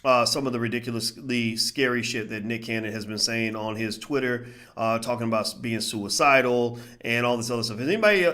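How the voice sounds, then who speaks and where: A man talking casually to a live chat in commentary, repeating phrases and using lots of fillers. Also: mid-range voice. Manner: grows more animated and louder as he goes. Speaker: livestream commentator.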